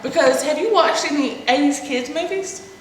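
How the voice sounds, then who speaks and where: A woman's voice: sits high, normal speed. A woman in her thirties co-hosting an advice chat, talking casually and self-deprecatingly and laughing often. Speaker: co-host answering viewer questions. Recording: echoey room with faint hiss.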